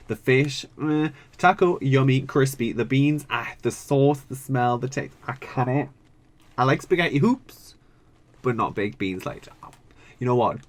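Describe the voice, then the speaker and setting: A young UK man reacts casually to a reality show for a video, swearing often and groaning or squealing at what he watches. His voice is on the low side with a fairly bright tone.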